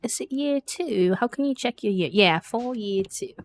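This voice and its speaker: A woman's voice: on the high side, lively intonation, normal speed, a little hiss or hum. A woman streaming a farming game, chatting casually, laughing often and thanking viewers. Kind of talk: casual gameplay commentary.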